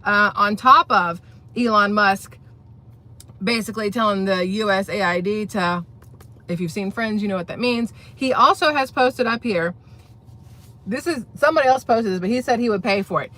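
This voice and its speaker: A channel host delivers blunt, opinionated political commentary in a casual vlog, addressing viewers directly and rambling through restarts. The voice is medium-pitched and sharp, at a normal speed.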